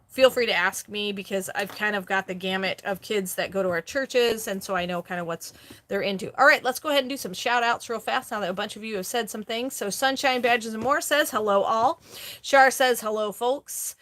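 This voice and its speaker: Bright-voiced chatty woman hosting a live stream. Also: mid-range voice. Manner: chatty, reads viewer comments aloud, laughs easily. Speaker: host, online reseller. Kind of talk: casual live-stream chat.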